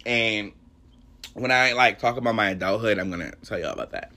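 A man's voice: on the low side, fairly quick, pushed and bright. A young adult man hosting a solo podcast, telling a personal faith story in an emotional, rambling, heartfelt way. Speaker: podcast host.

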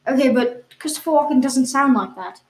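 Woman cohost insisting on silly stuff with a straight face, lots of ums, fairly high voice, echoey. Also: fairly quick. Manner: hesitant, insisting on absurd claims with a straight face. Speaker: podcast co-host. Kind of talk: improvised comedy banter. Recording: echoey room.

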